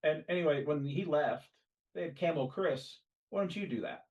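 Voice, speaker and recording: Lively man at a distant mic. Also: a little high, moderate pace, dull audio. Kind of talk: casual chat.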